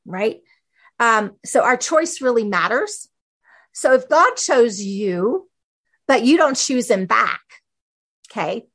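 A woman giving a conversational Bible teaching on a podcast, animated, with fillers and quick asides. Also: on the high side.

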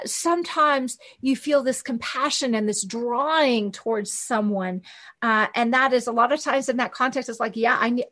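Woman teaching church stuff, chatty, lots of uh and right, kinda high voice. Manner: animated, conversational, with many fillers and quoted asides. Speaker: Christian teacher on hearing God. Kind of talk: informal teaching talk.

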